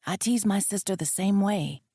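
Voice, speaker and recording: A woman voicing a calm, affectionate young boyfriend in a romance audiobook, speaking softly and teasing lightly. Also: mid-range voice, moderate pace, husky, dry recording, studio quality. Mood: easygoing.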